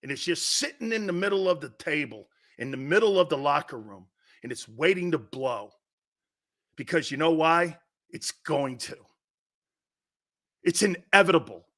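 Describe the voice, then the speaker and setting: A middle-aged sports talk host in full rant, his voice pitched high and edged with a bright, sharp tone. He is blunt and profane, and he hammers the same point again and again.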